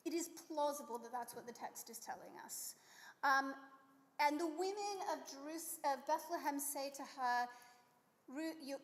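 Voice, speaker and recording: Animated woman teaching in a reverberant hall. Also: slight background noise. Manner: animated, acts out quotes with sudden pitch jumps. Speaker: rabbi teaching a study session. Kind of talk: lively text study talk. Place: synagogue hall.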